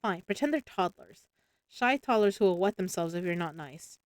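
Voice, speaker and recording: A woman voicing a playful, quick-witted young woman in a read-aloud story, close to her own voice. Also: fairly low pitch, lively intonation, no echo, natural voice. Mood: teasing.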